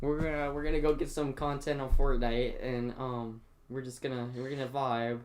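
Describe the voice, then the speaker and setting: A man's voice: mid-range voice, flat delivery, normal speed, a little hiss or hum. Rambling teen guy telling school stories. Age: teens. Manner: rambling storyteller with many fillers and restarts. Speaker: streamer host. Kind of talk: casual chat.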